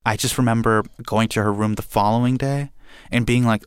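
A young man from India telling a personal story in a lively, animated way, acting out the quotes. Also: medium pitch, brisk, clear, resonant tone, no echo, studio quality.

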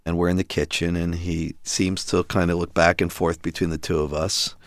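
A man's voice: sits low, flat delivery, moderate pace, no room sound, studio quality. A middle-aged man in a storytelling interview, telling his family's story and acting out the voices of the people in it.

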